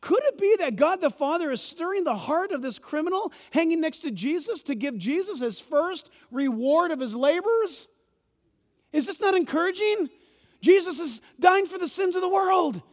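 High-voiced animated male preacher. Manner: animated preaching, swings from loud bursts to hushed asides. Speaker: pastor. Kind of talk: sermon. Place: church. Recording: reverberant church hall.

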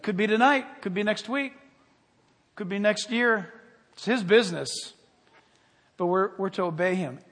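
An older man preaching a sermon with fervor, rising loud on key points and dropping quiet. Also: high-pitched. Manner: fervent, swells loud on key points then drops quiet. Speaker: pastor. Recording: long hall reverb.

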